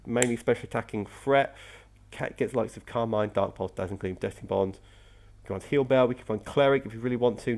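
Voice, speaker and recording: A man's voice: mid-range voice, darkish tone. A young man, casually commentating on his game team, chatty with frequent self-corrections. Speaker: competitive Pokémon player and video host.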